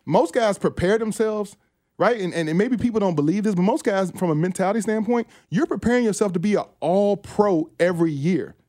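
A man who played linebacker, a guest on sports talk radio, talking in halting bursts with many restarts and fillers. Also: high voice, darkish tone, dry recording, studio quality. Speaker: former NFL linebacker, guest.

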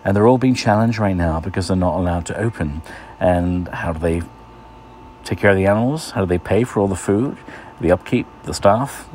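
A radio host with a low voice talks briskly, with a little hiss or hum on the recording. Relaxed and chatty, he loosely chats through a casual weekly segment, using lots of "uh" fillers.

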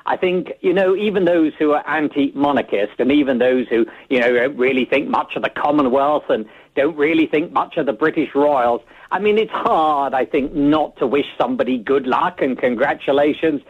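Husky man on a tinny phone line. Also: a little high. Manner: measured, thoughtful, many hesitations. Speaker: foreign correspondent. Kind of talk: phone-in news analysis.

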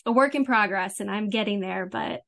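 A young woman hosting a faith podcast, asking questions and affirming her guest with short, slightly halting replies. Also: mid-range voice, creaky, fairly bright tone. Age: young adult. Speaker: podcast host. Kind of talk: interview conversation.

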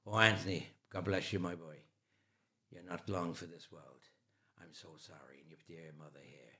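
A mournful old Irish priest murmurs softly in a lowered voice, full of solemn pity, as a storyteller puts him on. He talks in a deep, hushed register with an Irish accent. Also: fairly even intonation, normal speed. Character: older Irish male priest at a sickbed, solemn and pitying.

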